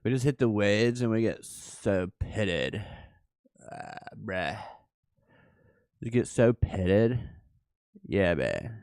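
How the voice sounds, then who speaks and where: Guy doing a chill surfer bro voice, drawly, kinda low, slow and lazy. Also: lively intonation, a little mellow, dry recording, clean studio sound. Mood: laid-back. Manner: drawling slang, "bruh" and "man". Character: laid-back young male beach surfer dude.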